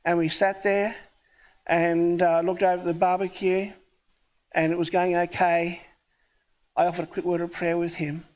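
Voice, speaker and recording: A man's voice: high-pitched, flat delivery, normal speed, long pauses. A man who is a pastor, preaching a sermon in a conversational storytelling way and acting out the dialogue of his story. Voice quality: hard of hearing.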